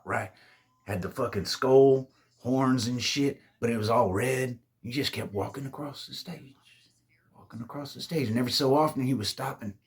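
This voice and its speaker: With a breathy, slightly bright voice on the low side, a man spins a spooky party story. He drawls in a laid-back manner, swears heavily, and brings his friends' quoted lines to life by acting them out.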